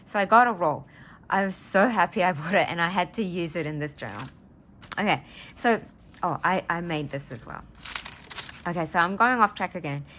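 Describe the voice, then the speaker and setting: A woman's voice: on the low side, lively intonation, normal speed, long pauses, fairly bright tone, slight background noise. A woman, telling a personal story in a casual vlog, earnest and rambling as she gets emotional. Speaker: vlogger.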